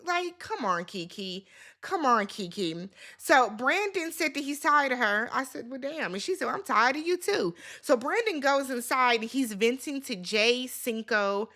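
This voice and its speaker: A woman's voice: fairly high pitch, sharp tone. A woman hosting a reality TV recap, talking in a casual, sassy, opinionated way straight to her viewers.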